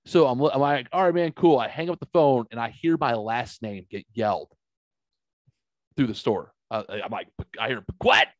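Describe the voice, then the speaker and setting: Telling a story on his podcast, a middle-aged man from around St. Louis keeps the chat casual and heavily profane. He speaks at medium pitch and normal speed, with no room sound.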